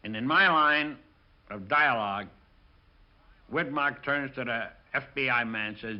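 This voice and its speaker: An older man, a film director, recalls his career in an interview, telling lively stories and acting out the lines of the people in them. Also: medium pitch, measured pace, long pauses, lo-fi sound. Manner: lively storyteller acting out quotes. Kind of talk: interview recollection.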